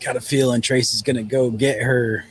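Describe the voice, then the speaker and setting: A man's voice: medium pitch, fairly even intonation, normal speed, breathy edge. A man co-hosting a livestream, joking and teasing in casual chat. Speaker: co-host.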